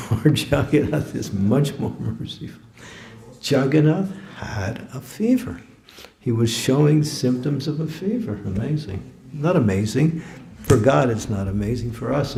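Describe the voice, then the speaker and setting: A man's voice: mid-range voice, creaky, warm tone. A man giving a storytelling lecture at a temple program, chuckling often and repeating words as he goes. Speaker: guest speaker at a temple program. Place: temple hall. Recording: echoey hall recording.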